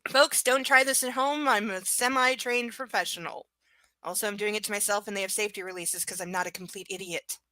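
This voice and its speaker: A woman's voice: mid-range voice, fairly quick, pushed and bright, dry recording, low-quality recording. A woman streaming a live reading of a novel, breaking off for chatty, joking asides. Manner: chatty, jokey asides between passages. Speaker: livestream reader.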